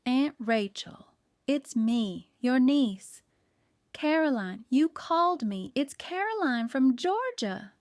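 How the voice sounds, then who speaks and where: A woman reading an audiobook, voicing a fiery, warm-hearted woman baker who gets exasperated and theatrical. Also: sits high, very animated, slow pace, dry recording, studio quality, pitched above the performer's own voice, full character voice.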